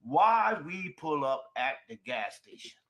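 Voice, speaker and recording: A man tells a personal story with real animation, his fairly high voice rising and falling all over the place. His tone is bright and forceful, and he talks emphatically, dropping quiet before bursting out loud. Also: unhurried. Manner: emphatic, expressive, swings from quiet to shouting. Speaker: storyteller in a shared video.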